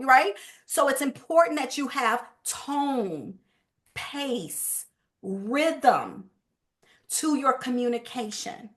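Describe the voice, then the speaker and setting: A woman giving a lively, emphatic sales training talk, with speech and a quick habitual pace. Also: sits high.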